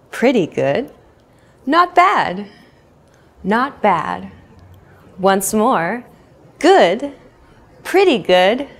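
A young woman teaching an English lesson, speaking slowly and clearly and repeating each phrase for learners. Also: medium pitch. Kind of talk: scripted language lesson.

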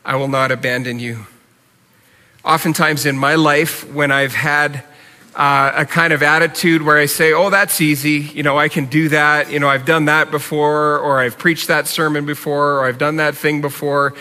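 Male pastor, earnest sermon delivery, bright edge, long hall reverb. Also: on the high side, flat delivery, moderate pace. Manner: earnest, conversational preaching with repeated appeals.

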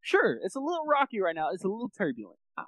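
A man co-hosting a sports podcast in casual chat, animated and laughing easily, acting out little quotes. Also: high-pitched, fast talker, dry recording, rough recording. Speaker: podcast co-host.

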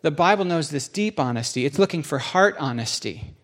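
A man's voice: fairly high pitch, lively intonation, fairly quick. A man preaching a sermon in a church, speaking conversationally and acting out quotes with rising emphasis.

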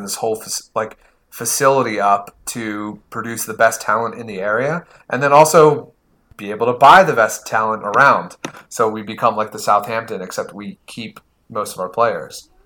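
Bright, rambling American podcast man. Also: fairly low pitch. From United States. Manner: rambling, says "like" often. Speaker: podcast co-host. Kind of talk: casual chat.

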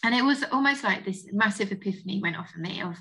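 A woman's voice: medium pitch, animated, fast, pushed and bright, poor audio. A woman in her forties with an Essex accent, a vet talking through a story in a chatty, emotional way on a podcast. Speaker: guest vet. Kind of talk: podcast interview.

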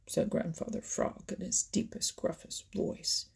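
A woman narrating a children's animal storybook in a soft, often whispery, husky voice. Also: low voice, steady tone, a little slow, hardly any pauses. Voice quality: husky, gravelly.

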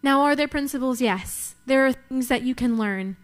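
A woman's voice: sits high, normal speed. A young woman preaching a sermon, emphatic, repeating key lines for effect.

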